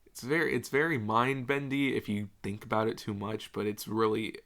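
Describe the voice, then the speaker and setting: A man's voice: fairly low pitch, moderate pace. Young man chatting casually about a film. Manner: laughs often, excited retelling of scenes. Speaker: podcast co-host.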